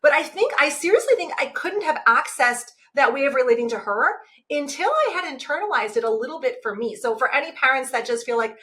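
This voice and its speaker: A woman in her forties talking casually about parenting as a guest, animated and acting out the voices she uses. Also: high voice, brisk, few pauses. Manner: animated, acts out her own inner voice. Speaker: guest, self-compassion teacher. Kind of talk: casual podcast conversation.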